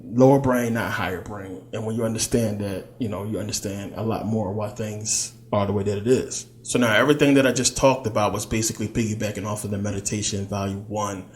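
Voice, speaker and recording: Speaking a little fast with few pauses, a man in a low, steady voice offers a casual spiritual teaching. His delivery is loose and conversational, heavy on fillers, and he slips into quoted voices.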